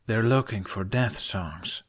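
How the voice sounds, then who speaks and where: A man reading an audiobook, voicing a sarcastic, deadpan young chief. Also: medium pitch, moderate pace, lightly acted. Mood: dry sarcastic. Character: young male dragon-riding chief, sarcastic.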